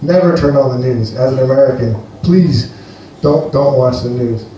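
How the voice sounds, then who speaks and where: A man from Greece performs a loose, rambling stand-up set, dry and playful as he talks to the crowd. His voice sits at an ordinary middle pitch. The sound is very echoey and distant, with room noise clearly present behind him. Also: normal speed, dark tone, muffled recording. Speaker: stand-up comedian. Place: comedy venue with a live audience. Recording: echoey live room, heard from afar.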